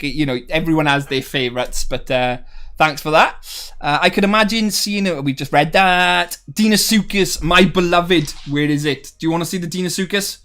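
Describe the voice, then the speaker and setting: A man hosting a live stream, reading the chat aloud and answering it. His voice sits a little high for a man, and he talks in a loose, friendly ramble full of fillers and restarts. The sound is close and clear from a desk microphone. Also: moderate pace, pushed and bright. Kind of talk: casual livestream chat.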